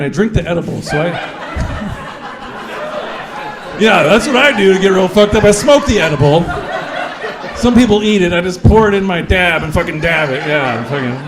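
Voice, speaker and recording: A man's voice: high voice, measured pace, long pauses, a crowd in the background. A middle-aged man doing a stand-up set in a comedy club, telling crude stories and acting out the dialogue. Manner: crude, animated storytelling, acts out dialogue.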